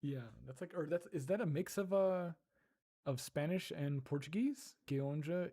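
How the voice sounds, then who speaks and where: A man chatting casually on a livestream, giggling and slowly sounding out foreign words. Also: fairly high pitch, mellow. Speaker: streamer.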